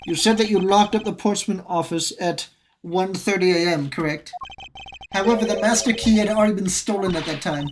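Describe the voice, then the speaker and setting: A woman's voice: medium pitch, brisk, a little hiss or hum, pitched above the performer's own voice, natural voice. A woman voicing a haughty, formal male prosecutor, reading game lines in a precise, condescending way. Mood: cool. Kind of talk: video game dub-over.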